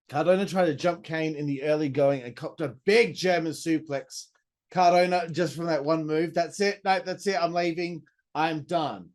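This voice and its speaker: A podcast host with a somewhat high, darkish-toned voice gives a chatty, enthusiastic recap of a wrestling show, swearing and tossing in asides as he goes.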